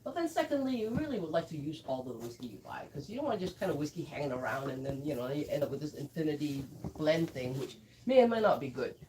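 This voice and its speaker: A woman's voice: low-pitched, sing-song, fast talker, few pauses, mellow, distant mic, slight background noise, low-quality recording. A woman who blends whiskey, chatting through a live tasting and telling stories with quoted asides.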